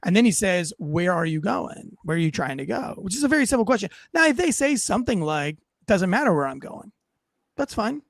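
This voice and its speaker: A man who was a police officer, giving blunt, profane, animated commentary on footage. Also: high voice, brisk, few pauses, no room sound. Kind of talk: casual reaction commentary.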